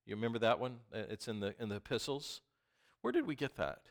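A man preaching a sermon who reads scripture and questions his listeners, dropping to a whisper and then rising to loud outbursts. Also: medium pitch, very animated, fast. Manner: swings from hushed whispers to loud impassioned outbursts.

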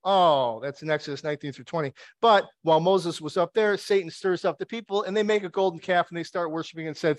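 A man's voice: fairly high pitch, moderate pace, no room sound. A man preaching a conversational sermon. He retells the story with wry asides and rhetorical questions.

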